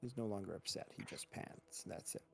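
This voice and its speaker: A man narrating as game master, describing scenes in a relaxed way with frequent restarts. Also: fairly low pitch, brisk, vocal fry.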